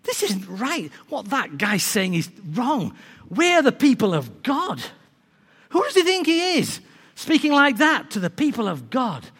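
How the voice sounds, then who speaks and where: A man's voice: very high-pitched, very animated, normal speed, a bit bright, pitched above the performer's own voice, exaggerated voice. A man voicing a bold young shepherd boy, eager and boastful. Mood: indignant. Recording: long reverb of a large hall.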